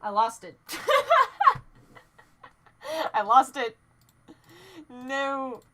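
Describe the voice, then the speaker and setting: A young woman streaming from home, chatting casually while she draws; excitable and rambling, she laughs often and trips over her words. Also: a little high, normal speed, heavy background noise. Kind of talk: casual live-stream chat while drawing.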